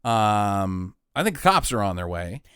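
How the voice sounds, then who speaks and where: A man's voice: lowish voice, sing-song, measured pace, a bit bright, clear, resonant tone, no room sound, clean studio sound. A man hosting a casual chat, leading the questions and joking, laughing often. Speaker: podcast host.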